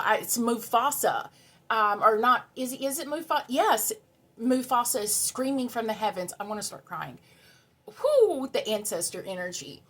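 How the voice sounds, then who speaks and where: Reading tarot cards for her audience, this woman speaks at a normal pace in a fairly high, fairly bright voice with lively intonation. The reading is spiritual, and she delivers it earnestly and emotionally, repeating important words to stress them.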